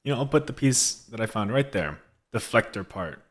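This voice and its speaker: Here the streamer has a fairly low, sing-song voice and a moderate pace. He keeps up chatty commentary during play, reads in-game texts out loud, and frequently laughs and starts over.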